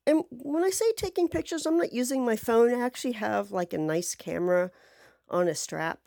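A woman telling a rambling story in a casual monologue, chatty and animated, with sarcastic asides and swearing. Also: on the high side, moderate pace, vocal fry, dry recording, clean studio sound.

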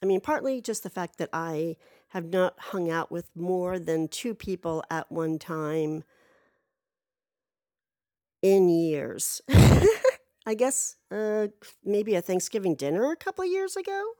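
A woman's voice: lowish voice, animated, takes it slowly, pauses often, mellow, dry recording. Rambling, candid woman telling a story. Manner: rambling, many fillers and restarts, candid swearing. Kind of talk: casual personal storytelling.

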